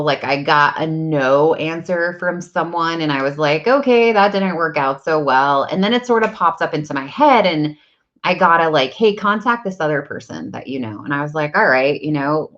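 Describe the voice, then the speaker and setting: Low-voiced woman chatting about energy work. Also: a bit bright, highs cut off. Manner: chatty, rambling, many likes and ums. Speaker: energy practitioner and coach. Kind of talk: casual spiritual talk to camera.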